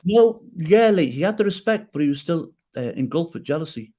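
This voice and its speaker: On a podcast, a middle-aged guest tells his personal story in an animated, emotional way, restarting often and making self-deprecating jokes. His voice is on the high side and a little fast, with slight background noise.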